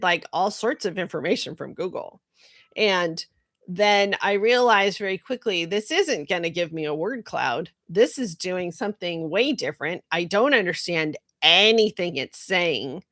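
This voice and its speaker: With a lowish, expressive, somewhat bright voice, a middle-aged marketing consultant talks unhurriedly in a casual monologue. She's chatty and candid, full of asides and laughter. The sound is clean studio audio with no room sound.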